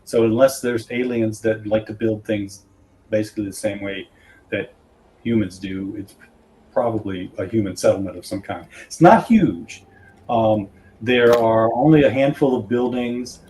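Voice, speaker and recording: A man narrating as game master of a tabletop horror game, halting with many fillers. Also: on the low side, a little mellow, a little hiss or hum, poor audio.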